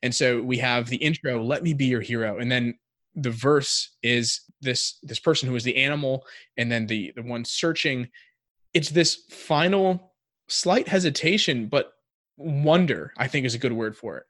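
A man talks through his thoughts on a podcast in a reflective, searching way, pausing on fillers as he works out each idea. His voice sits in an ordinary middle register. It is recorded close and dry, with no room sound. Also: mid-range voice, fairly bright tone, dry recording. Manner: reflective, thinks aloud with many "like" fillers. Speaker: podcast co-host. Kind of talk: casual faith discussion.

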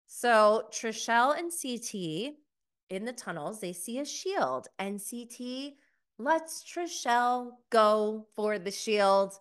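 A woman's voice: on the high side, lively intonation, slow pace, clear, resonant tone. A young adult woman, casually recapping a reality show with gossipy asides and frequent laughter. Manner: gossipy, laughs often, mocking quotes. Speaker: podcast host reviewing a reality show.

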